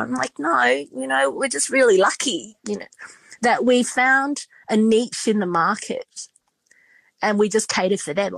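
A woman's voice: a little high, animated, normal speed, vocal fry, slightly rough, no room sound. A woman, a restaurant owner telling stories in a casual podcast interview, chatty and full of fillers. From Australia. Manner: chatty, emotional storytelling with many fillers.

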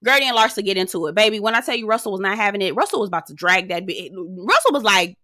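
A woman with a medium-pitched, bright, pushed voice and lively intonation hosts a casual reality TV recap. She is sassy, dramatic and freely profane, quickly mimicking the cast. The recording is dry and studio quality.

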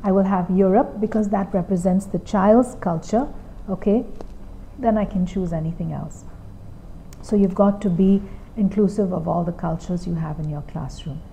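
A woman's voice: lowish voice, fairly even intonation, normal speed, warm tone, a little hiss or hum, rough recording. A woman training teachers, explaining steps patiently and checking in with her listeners as she goes. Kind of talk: instructional talk to trainee teachers.

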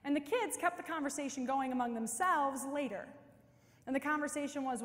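A woman's voice: sits high, fairly quick, a bit bright. A middle-aged woman giving a parish mission talk in a chatty, storytelling way with frequent casual fillers. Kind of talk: conversational church talk. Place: church. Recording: long reverb of a large church.

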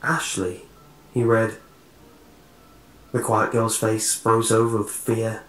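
A man reading a scary story aloud in a steady, measured narrating voice. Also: on the low side, roomy sound, rough recording. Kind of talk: scripted horror narration.

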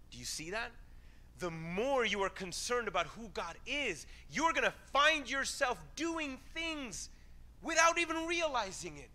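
A male pastor preaching a conversational sermon, acting out quoted voices in a lively way. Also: very high-pitched.

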